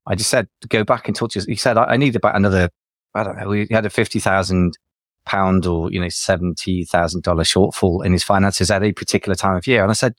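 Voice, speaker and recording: A man's voice: fairly low pitch, no echo, studio quality. A man chatting on a business podcast, giving advice in a casual, thinking-aloud way. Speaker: podcast co-host, business adviser.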